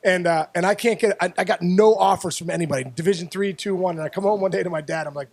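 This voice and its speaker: A Pittsburgh-area ex-baseball player talks fast in a high, creaky voice, hardly pausing. As an interview guest he tells stories animatedly, repeating words and restarting often.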